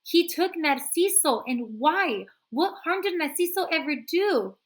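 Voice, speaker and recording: A woman voicing a tall, defiant schoolboy who speaks forcefully and accuses. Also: extremely high pitch, animated, a little slow, voice pushed up. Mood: accusing. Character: defiant tall schoolboy, calm then fierce.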